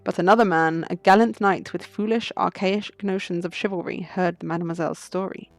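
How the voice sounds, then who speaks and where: A woman's voice: on the low side, steady tone, fairly quick, dry recording, close to an everyday voice. A woman voicing a suave male fox fugitive who speaks in a poised, riddling storyteller manner. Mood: cryptic.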